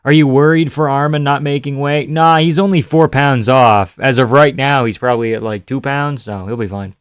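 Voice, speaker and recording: A man's voice: mid-range voice, normal speed, clean tone, no echo, studio quality. A man hosting a live stream from a home setup, chatting casually and reading out viewer comments with jokes and casual swearing.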